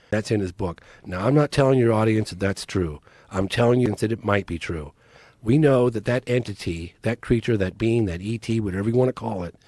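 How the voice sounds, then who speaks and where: A man's voice: fairly low pitch, darkish tone, dry recording. Earnest man with a dry close sound. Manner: earnest, urgent, pleading appeals. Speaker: podcast guest, documentary filmmaker. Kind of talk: casual interview talk.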